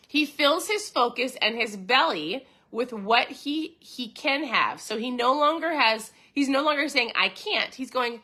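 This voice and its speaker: Bright-voiced woman hosting a chatty podcast. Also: a little high, expressive, measured pace, hardly any pauses. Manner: chatty, enthusiastic, addresses listeners directly. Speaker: podcast host. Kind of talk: casual motivational talk reading from a book.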